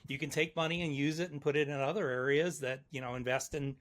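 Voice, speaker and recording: A man hosting a podcast, chatting in a relaxed, affirming way. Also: on the high side, fast talker. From United States. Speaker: podcast host. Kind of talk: casual podcast chat.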